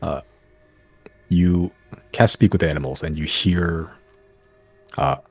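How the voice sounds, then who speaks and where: A man narrating a tabletop game as game master, describing scenes in a halting way with many fillers. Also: low voice, fairly even intonation, vocal fry, no room sound, soft background music.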